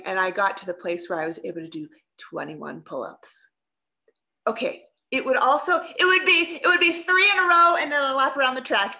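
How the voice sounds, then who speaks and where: Bright-voiced woman coaching over a video call. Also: a little high. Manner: earnest, expressive storytelling with questions to the group. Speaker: leadership coach. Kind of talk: live online workshop talk.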